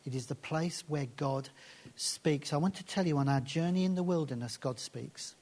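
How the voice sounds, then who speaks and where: A man preaching a sermon and reading scripture aloud, slowing down and dropping to soft, hushed phrases for emphasis. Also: fairly high pitch.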